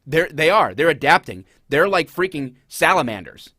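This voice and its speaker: Animated sarcastic male commentator. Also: on the high side, normal speed, dry recording, studio quality. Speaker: host. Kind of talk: casual commentary.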